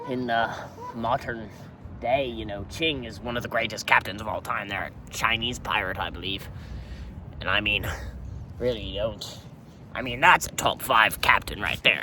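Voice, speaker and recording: Man, bright voice, pirate-persona comedy rant, keeps saying matey, mic a little far off. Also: medium pitch, slight background noise. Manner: pirate talk, says "matey" constantly, rambling rants. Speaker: podcast host. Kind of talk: comedic in-character pirate monologue. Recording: voice a bit distant from the mic.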